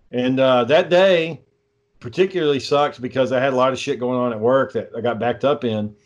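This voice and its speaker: A young man chats casually and recounts a story with heavy swearing. His delivery is exasperated and ranting, at an ordinary middle pitch. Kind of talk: casual chat.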